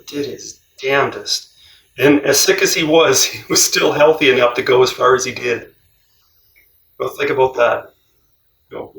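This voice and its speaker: Man, animated storytelling, quotes in voices, distant mic, roomy echo. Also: medium pitch, a little hiss or hum. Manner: animated, laughs often, acts out quoted voices. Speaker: cross-country traveller. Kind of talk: casual storytelling.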